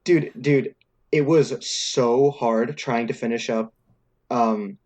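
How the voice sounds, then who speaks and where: A man's voice: medium pitch, steady tone, takes it slowly, a little mellow. A young man co-hosting a podcast, chatting casually about politics with lots of fillers and restarts. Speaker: podcast co-host.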